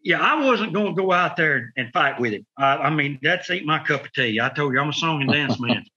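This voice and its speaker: A man's voice: on the high side, expressive, fairly quick, bright, forceful tone, breathy edge, highs cut off. A man telling rambling stories in casual chat, acting out voices and sound effects. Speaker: wrestling podcast host telling stories.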